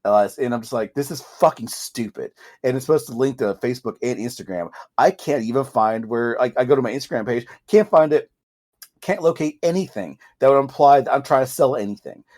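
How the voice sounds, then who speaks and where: A man's voice: mid-range voice, fairly quick, darkish tone. A man co-hosting a podcast, ranting in casual chat with frequent swearing and restarts, his voice leaping up when frustrated. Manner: swears freely, self-interrupting. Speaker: podcast co-host.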